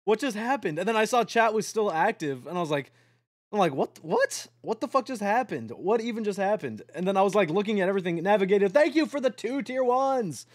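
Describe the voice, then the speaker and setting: Excitable young man with a high voice. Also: fairly quick, no room sound, studio quality. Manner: rambling, excitable, swears a lot. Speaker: streamer. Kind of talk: late-night casual stream chat.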